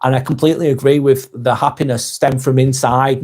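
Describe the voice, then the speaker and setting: A man's voice: mid-range voice, fairly even intonation, brisk, darkish tone. A man with a Lancashire accent hosting a live vlog, reading out viewer comments in a blunt, sweary, emphatic way.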